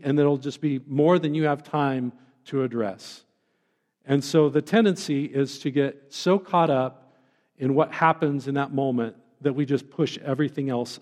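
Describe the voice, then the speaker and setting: Male pastor delivering an earnest sermon, slightly high voice, reverberant hall. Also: a little mellow.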